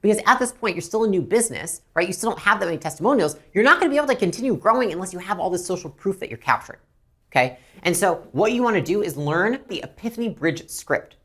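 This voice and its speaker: A woman teaching a business training lesson as a coach, blunt and animated, swearing freely. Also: medium pitch, fast, husky.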